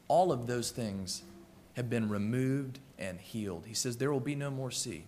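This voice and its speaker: A man preaching a sermon with earnest, rhythmic repetitions, slowing down and softening for emphasis. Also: medium pitch. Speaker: pastor. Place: church sanctuary. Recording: long reverb of a church hall.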